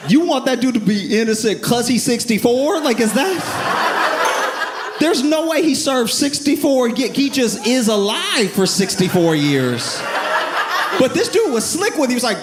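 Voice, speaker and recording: A man doing stand-up, telling a story calmly and dryly and building to punchlines. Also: very high voice, normal speed. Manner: calm, dry, building to punchlines. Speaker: stand-up comedian. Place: comedy stage. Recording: live stand-up recording with noise.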